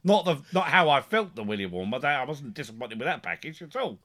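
Lively, bright-voiced storyteller man. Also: medium pitch, fast. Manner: animated, chuckling, repeats words when excited. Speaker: podcast co-host. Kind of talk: comic storytelling in casual chat.

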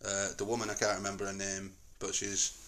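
A man's voice: on the low side, completely flat delivery, brisk, fairly bright tone, slight background noise. Rambling middle-aged Northern English man. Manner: rambling, jokey, digressive. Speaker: podcast host. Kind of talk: casual family chat. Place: home.

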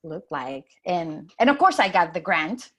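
Animated woman telling a personal story. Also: lowish voice, normal speed. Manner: animated, acts out her own past lines in a raised voice. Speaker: guest. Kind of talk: casual storytelling.

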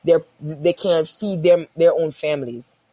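A woman's voice: sits low, steady tone, unhurried, warm tone. A woman in casual podcast chat, pressing her points with rhetorical repeats.

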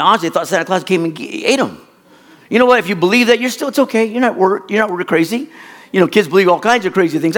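A middle-aged man preaching a sermon as a pastor, telling a folksy, rambling childhood story in an animated way. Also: sits high.

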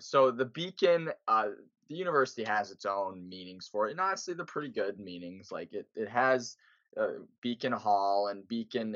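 A man co-hosting a podcast in casual sports chat, animated and pressing with emphatic questions. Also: on the low side, no room sound. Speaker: podcast co-host. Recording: dull lo-fi sound.

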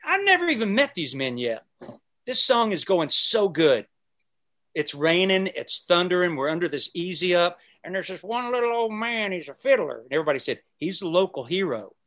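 A man with a high-sitting voice talks at a normal pace as a podcast guest, swapping stories in a relaxed chat. He's an animated storyteller who acts out the people he quotes and breaks into snippets of song.

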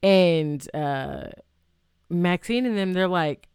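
Smooth-voiced woman rambling through a movie recap. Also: fairly low pitch, normal speed, no room sound, clean studio sound. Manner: rambling, loose retelling with many fillers and restarts; chatty, reacts aloud to the story. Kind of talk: casual movie plot recap.

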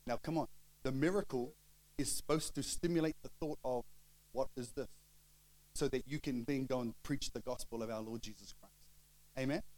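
A middle-aged man, preaching a storytelling sermon and acting out the dialogue with lively shifts of voice. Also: mid-range voice, brisk, a little hiss or hum, low-quality recording. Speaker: pastor.

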